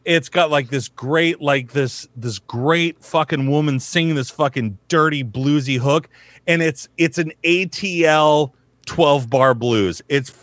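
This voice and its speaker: A man's voice: on the high side, measured pace, fairly bright tone, no room sound. A man, a voice actor, chatting casually, rambling with lots of swearing and filler words. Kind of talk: casual chat.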